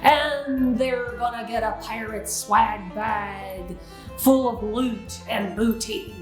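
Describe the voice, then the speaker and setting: A woman in a library hams it up with pirate slang and snatches of a sea shanty. Her voice sits a little high and unhurried. The room rings with echo, with faint music behind. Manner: pirate lingo and sung shanty bits. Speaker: library story time host. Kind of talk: playful pirate-themed promo talk.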